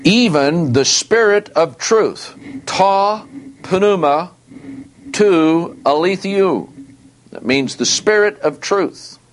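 A male Bible teacher who talks slowly and carefully, with a lot of rise and fall in his pitch. He reads verses aloud and repeats key words to drive home each point. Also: expressive, slight background noise. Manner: deliberate, stresses words and repeats them for emphasis.

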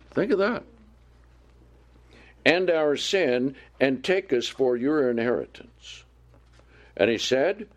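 A man teaching a Bible sermon, reading scripture aloud with slow emphasis and putting questions to his listeners. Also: medium pitch. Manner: asks the listeners questions and answers them. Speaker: preacher.

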